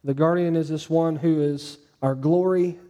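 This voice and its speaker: A pastor preaching a sermon, with animated delivery that rises for quoted lines and drops low and soft on key points. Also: male voice, moderate pace.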